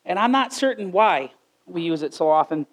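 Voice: medium pitch, animated, normal speed, poor audio. A preacher giving a conversational sermon indoors, joking with the congregation between passages.

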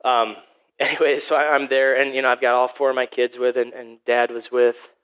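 A man's voice: medium pitch, level tone, normal speed, fairly bright tone, smooth, low-quality recording. Rambling pastor preaching, a man. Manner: rambling, repeats words, self-interrupting storytelling. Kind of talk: sermon.

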